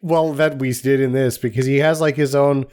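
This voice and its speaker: A man's voice: mid-range voice, fairly even intonation, moderate pace, a little mellow. A man co-hosting a podcast, dryly retelling a bad movie and quoting its characters in mock voices. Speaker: podcast co-host. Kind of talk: casual movie riff.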